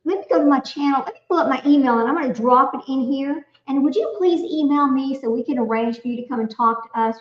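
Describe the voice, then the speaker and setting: A middle-aged woman hosting a casual livestream, chatting to viewers while fumbling with her screen. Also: high-pitched. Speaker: livestream host. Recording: echoey, slightly dull home livestream audio.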